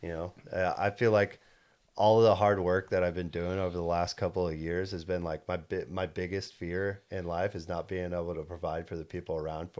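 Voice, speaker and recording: A young man with a low, deep voice tells a personal story on a casual podcast. He rambles earnestly, restarting his sentences and filling gaps with "like" and "you know." The delivery is relaxed and conversational. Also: brisk. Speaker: podcast co-host and solar salesman.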